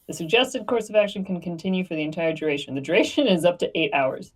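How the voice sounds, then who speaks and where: Young woman tabletop player, slightly low voice, quick hesitant rule-reading. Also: animated. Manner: reads spell rules quickly with hesitant fillers. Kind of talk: playing a tabletop role-playing game.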